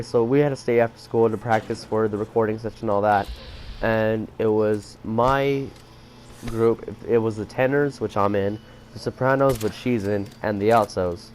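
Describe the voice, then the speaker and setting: A man's voice: on the low side, slight background noise. A teenage boy rambling through a story about his school day, with many fillers and restarts. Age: teens. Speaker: vlogger. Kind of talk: casual storytelling vlog.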